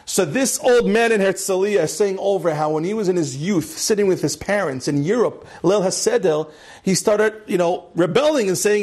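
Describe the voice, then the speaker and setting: Rabbi, male, higher register, animated storyteller who repeats phrases for effect. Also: normal speed, slightly rough. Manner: mixes Hebrew and Yiddish terms into English. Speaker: rabbi giving a Torah class. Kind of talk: storytelling Torah lecture.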